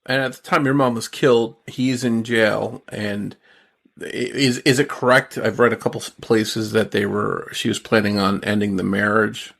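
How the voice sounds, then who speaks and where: A man hosting a podcast, asking gentle, careful interview questions. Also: on the low side, fairly even intonation, moderate pace, gravelly. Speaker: podcast host.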